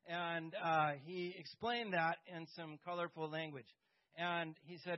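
High-voiced pastor telling a story, muffled recording. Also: male voice, animated. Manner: halting, many fillers and restarts, wry humor. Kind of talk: personal storytelling to a group.

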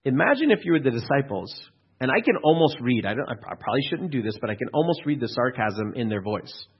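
A man's voice: medium pitch, big pitch swings, fast, breathy edge. A male pastor giving a sermon in a conversational, storytelling way, asking his listeners rhetorical questions. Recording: dull lo-fi recording.

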